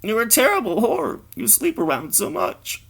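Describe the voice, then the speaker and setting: A man's voice: high voice, huge pitch swings, moderate pace, vocal fry, a bit bright, breathy edge, voice pushed up, heavily acted. A man doing a blunt, scolding young woman.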